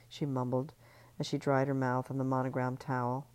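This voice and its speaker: Very deep-voiced woman reading a novel. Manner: calm, measured, occasional restarts. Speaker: author reading her novel. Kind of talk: audiobook-style novel reading.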